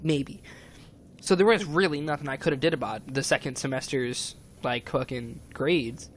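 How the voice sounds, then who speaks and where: A man's voice: medium pitch, moderate pace, a little hiss or hum. A young man in his teens, rambling and upset as he vents on a stream, swearing a lot. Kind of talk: casual venting monologue.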